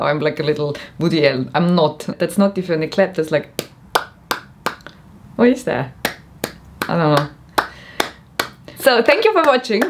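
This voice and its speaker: A woman's voice: medium pitch, noisy background. A young woman rambling in a comedic vlog, frazzled and worn out, self-mocking and giggly. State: frazzled and mentally tired. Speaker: vlogger.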